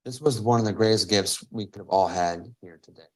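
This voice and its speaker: A man's voice: on the low side, brisk. A man hosting a live-stream coaching Q&A over a video call. He is emphatic and repeats phrases for stress. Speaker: host and business coach.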